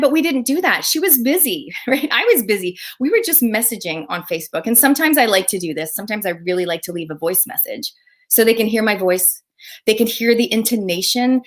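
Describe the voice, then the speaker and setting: An enthusiastic woman business coach speaks live to her online audience. Her delivery is upbeat, with lively rises and dips as she addresses viewers directly. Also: medium pitch. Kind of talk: Facebook live coaching talk.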